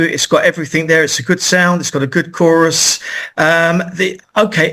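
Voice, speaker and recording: A man on a radio panel giving measured, conversational, constructive criticism as a record producer. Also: a little high, a bit bright.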